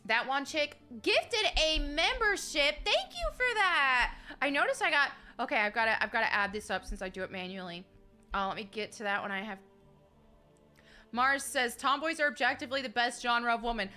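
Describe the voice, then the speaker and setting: A woman's voice: high-pitched, expressive, moderate pace, sharp tone, faint music behind. A woman streaming a game, chatting casually and reading viewer messages aloud, giggly and chatty with lots of fillers.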